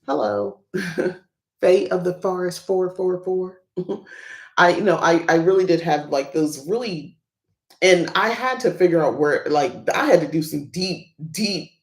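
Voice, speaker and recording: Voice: medium pitch, unhurried. A livestream podcast host talking casually about their practice, rambling and chatty with many fillers and small laughs. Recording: roomy echo.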